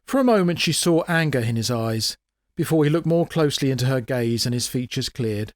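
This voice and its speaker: A man reads his own comic fantasy story with wry, dramatic expression. His voice sits at a middling pitch, and the recording is close and dry with no room echo. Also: brisk. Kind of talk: dramatic audiobook narration.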